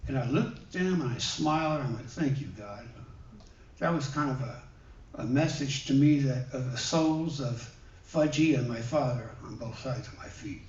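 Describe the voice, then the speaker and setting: A man giving a sermon with personal stories, gentle and conversational, with many pauses and fillers. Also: medium pitch. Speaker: guest minister. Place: church hall. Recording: roomy, dull sound from a distant mic.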